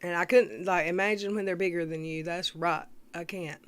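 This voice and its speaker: A woman, hosting a casual commentary livestream, reading viewer comments aloud and often clearing her throat. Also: on the low side, steady tone, normal speed. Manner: chatty, greets viewers, reads comments aloud.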